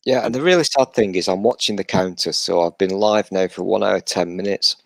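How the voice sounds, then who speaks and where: A British man with a very low voice chats casually on a live stream. His banter is self-deprecating and joking, and the recording sounds close and dry. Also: a little fast, gravelly, no room sound. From Britain. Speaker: podcast host.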